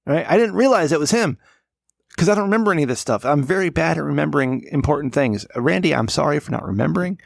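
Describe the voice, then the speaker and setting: A man's voice: on the high side, animated, quick pace, vocal fry, no room sound, studio quality. A man in his late thirties co-hosting a podcast, rambling and swearing a lot while a bit drunk. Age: 30s. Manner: rambling, profane, tipsy. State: slightly drunk. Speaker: podcast co-host. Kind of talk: casual podcast chat. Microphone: studio microphone.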